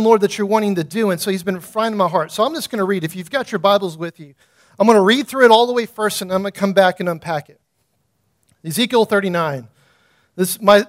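A man preaches from a church stage, his voice sitting high for a man. He builds fervently, hammering home repeated calls. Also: a bit bright. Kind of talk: sermon.

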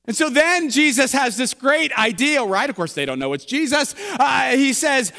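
Delivering his sermon like a humorous tale among friends, this pastor is very animated and speaks at a normal speed. His very high man's voice is bright and forceful, and every phrase is followed by the long reverb of a big sanctuary.

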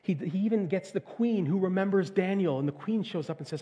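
A middle-aged man preaching a sermon, retelling a fairy tale in a lively storytelling manner before drawing out the lesson. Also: high-pitched, a little fast, hardly any pauses. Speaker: pastor.

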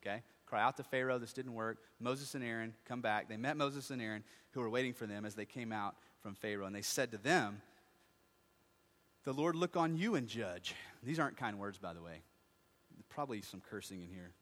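A pastor delivers a sermon in a large hall with long reverb, posing questions to his congregation and answering them himself. His voice is lowish and fairly quick, shifting between quiet asides and loud, impassioned passages.

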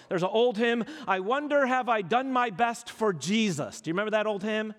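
A man's voice: sits high, normal speed, hardly any pauses, a bit bright. A man preaching a sermon to a congregation, emphatic and full of rhetorical questions. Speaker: pastor. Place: church hall. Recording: long hall reverb.

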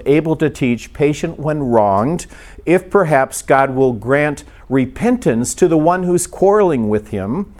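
A man's voice: a little high, darkish tone. A middle-aged man preaching a sermon in a conversational, storytelling manner, often restarting his sentences. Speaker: pastor.

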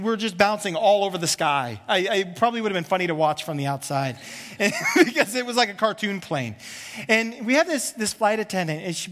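A man preaching a sermon as pastor, telling stories and acting out what people say. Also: high voice. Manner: animated storyteller, acts out quotes. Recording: hall reverb.

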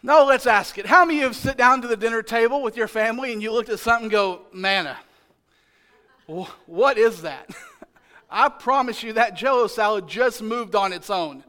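A male pastor delivering a lively sermon in a strikingly high voice for a man. He jokes and teases the congregation, then climbs into loud, emphatic shouts to drive each point home. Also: brisk. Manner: animated, joking, playfully exasperated.

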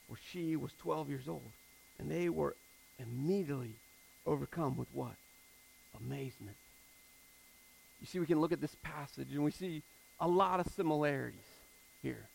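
A man preaching a conversational sermon, moving between hushed scripture reading and emphatic retelling. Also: a little high, moderate pace, gravelly, pauses often, slightly rough, poor audio. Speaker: pastor.

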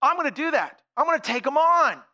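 A man's voice: very high voice, big pitch swings, a little fast, pushed and bright, voice pushed up, exaggerated voice. A man voicing a brave, eager young boy who insists he will fight. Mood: determined.

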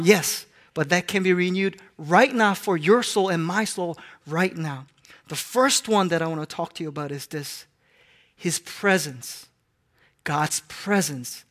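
A man in his forties from Hong Kong preaching a sermon, moving between loud, emphatic declarations and soft, hushed lines. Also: high-pitched. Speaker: pastor.

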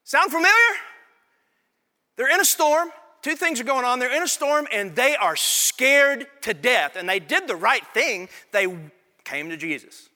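A man preaching a sermon in a church sanctuary, stacking repeated phrases as his emphasis climbs. His voice sits high and sounds bright and forceful. A long reverb from the large hall trails behind every line. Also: expressive, measured pace. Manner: preaching with rising emphasis and repetition. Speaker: pastor.

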